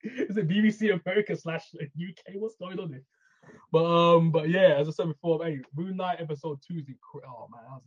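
A man co-hosting a casual TV review chat, excitable and laughing often, swearing casually. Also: a little high, husky, highs cut off. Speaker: podcast co-host.

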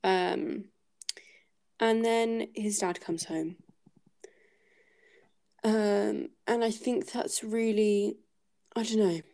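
A woman's voice: mid-range voice, steady tone, drawn-out words, gravelly, pauses often, dark tone. A woman hosting a casual book-club podcast, thinking aloud and hesitating with many fillers as she talks through a chapter.

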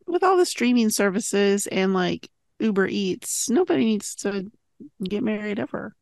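A woman guesting on a podcast, chatting in an animated way and laughing often. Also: mid-range voice, unhurried, creaky, dry recording, clean studio sound. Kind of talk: casual chat.

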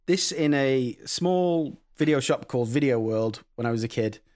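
A British man in relaxed conversation about films, telling anecdotes in an easy, chatty way. His voice sits in an ordinary middle pitch, and he swears casually as he talks. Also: moderate pace. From Britain. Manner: chatty storytelling, swears freely. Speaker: podcast co-host. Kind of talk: casual film review chat.

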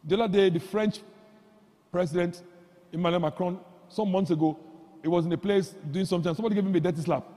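A man preaching a sermon, swinging from quiet asides to loud exclamations and leading the congregation in call-and-response. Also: fast. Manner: animated, jumps from low asides to loud exclamations. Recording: long hall reverb.

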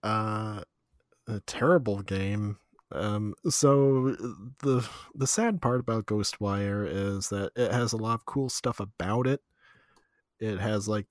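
A man's voice: lowish voice, dry recording, studio quality. A man co-hosting a casual podcast chat, talking in a laid-back way with frequent ums and laughs. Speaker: podcast co-host.

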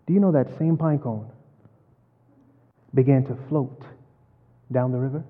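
A man's voice: mid-range voice, fairly even intonation, unhurried. Preacher man in an echoing hall. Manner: storytelling preacher, dramatic swings from loud to hushed. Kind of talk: sermon. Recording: phone-like, long hall reverb.

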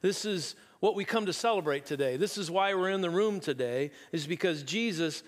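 A man preaching a sermon, telling a story and reading scripture slowly and deliberately. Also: high-pitched, lively intonation. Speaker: pastor. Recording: long reverb of a large room.

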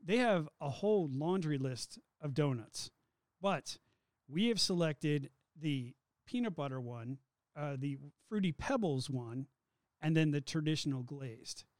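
A male host in casual chat, upbeat and joking as he moves between topics. His voice sits a little high. The sound is dry and close to the mic. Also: lively intonation, measured pace, a little mellow, dry recording. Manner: upbeat, joking, runs the segments. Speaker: podcast host.

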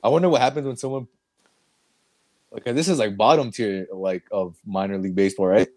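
A man's voice: fairly low pitch, fairly even intonation, fairly quick, a little mellow. A man co-hosting a podcast, chatting casually, laughing often and swearing as he reacts. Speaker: podcast co-host. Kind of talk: casual chat.

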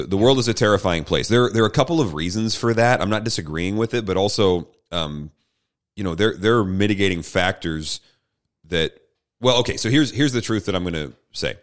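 A man's voice: fairly low pitch, animated, moderate pace. A man co-hosting a casual Bible discussion podcast, steering the talk with dry, wry remarks. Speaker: podcast co-host.

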